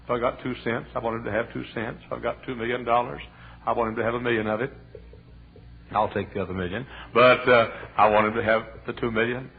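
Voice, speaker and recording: A man's voice: mid-range voice, steady tone, quick pace, creaky. A male pastor preaching a sermon with fervent, repetitive exhortations. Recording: tinny lo-fi sermon recording.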